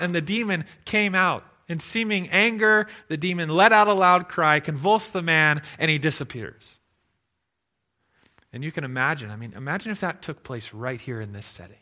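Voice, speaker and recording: A man preaching a sermon, expressive, moving between loud emphasis and hushed tones. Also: a little high, fairly quick. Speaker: pastor.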